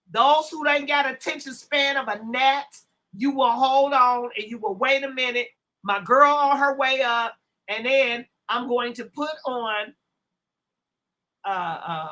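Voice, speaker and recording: Bright-voiced woman hosting a rambling livestream. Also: a little high, low-quality recording. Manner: loose, rambling, talks to chat while setting up. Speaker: livestream host. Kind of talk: casual livestream chat.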